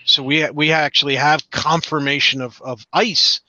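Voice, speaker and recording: A man's voice: on the high side, fairly even intonation, normal speed, sharp tone, no echo, muffled recording. A man co-hosting a live-streamed space talk, blunt and casual with mild swearing.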